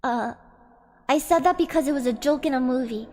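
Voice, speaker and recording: A woman's voice: high-pitched, a little fast, a little mellow, big-room sound. A woman streamer chatting playfully with her chat between karaoke songs. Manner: chatty, reads chat aloud, playful complaints. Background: karaoke backing track.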